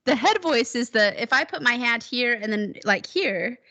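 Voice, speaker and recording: Woman singing teacher, high lively voice, keeps cheering her student on. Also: moderate pace. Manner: encouraging, demonstrates whoops in head voice. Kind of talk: one-on-one voice lesson.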